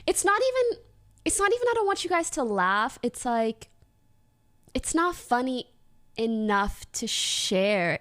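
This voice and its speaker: Young woman streamer, high and lively voice, giggly casual storytelling to her chat. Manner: giggly, animated storytelling with lots of laughter.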